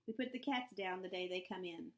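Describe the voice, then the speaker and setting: A woman reading an audiobook voices an indifferent middle-aged clerk who speaks in a flat, dismissive way. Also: fairly low pitch, a little fast.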